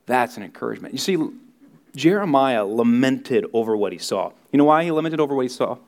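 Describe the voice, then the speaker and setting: A man preaching a Sunday sermon as pastor, earnest, dropping to hushed tones in prayer and rising for emphasis. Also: medium pitch, animated, normal speed.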